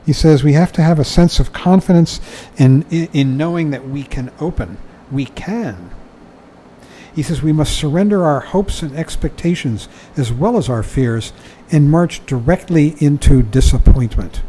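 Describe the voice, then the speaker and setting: A man's voice: on the high side, lively intonation, normal speed, mellow, slight background noise, rough recording. An older man giving a dharma talk, reading from a book and commenting in a conversational way, often chuckling and saying "you know".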